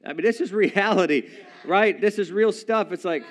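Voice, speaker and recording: A man preaching a sermon to a live congregation, retelling a story in a playful, animated way with chuckling asides. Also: high voice, normal speed. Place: church service with a live congregation.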